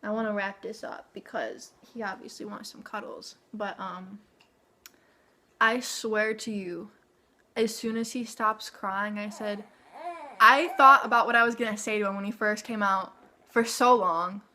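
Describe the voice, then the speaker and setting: A young woman tells her story straight to the camera from her home. Her voice is bright, and her pitch sits in the middle range. She talks in a chatty, tumbling way, full of "like" and "okay?" asides. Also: steady tone, a little slow, a little hiss or hum. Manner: chatty, frequent "like" and "okay?" tag questions. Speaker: vlogger.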